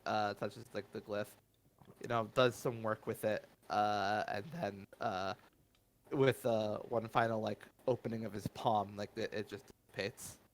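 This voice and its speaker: A man's voice: on the low side, slight background noise. A man narrating a tabletop game as game master, hesitant and stopping often to restart. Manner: hesitant, lots of fillers and restarts.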